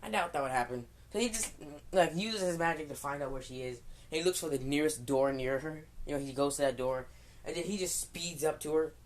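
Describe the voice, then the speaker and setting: A man's voice: a little high, brisk. A young man casually improvising a fan fiction story, rambling with lots of fillers, restarts and chuckled asides.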